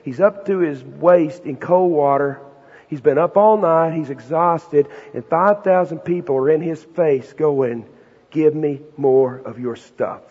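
A man preaching a sermon to students in a folksy, animated, slangy storytelling manner. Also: a little high, measured pace, husky. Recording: dull recording with long hall reverb.

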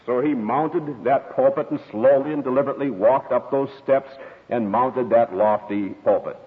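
A man's voice: mid-range voice, normal speed. A man preaching a sermon, telling stories and acting out quoted voices as he teaches. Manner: storytelling, expressive with quoted voices. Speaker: pastor. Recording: tinny radio broadcast with long hall reverb.

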